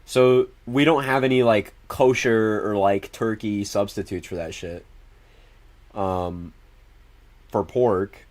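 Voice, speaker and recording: A young adult man chatting casually to his livestream audience, animated and rambling, swearing a lot. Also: fairly low pitch, takes it slowly.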